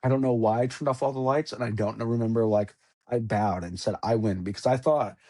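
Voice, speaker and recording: Guy telling a wild story on a podcast, intense and rambly, swearing, middle pitch. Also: fairly even intonation, brisk, mellow. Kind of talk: casual storytelling.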